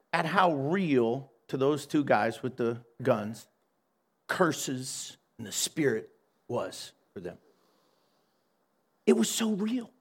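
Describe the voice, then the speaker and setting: A man's voice: a little high, breathy edge. A man preaching as a pastor, telling a story animatedly, acting out the dialogue and laughing along. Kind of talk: storytelling sermon.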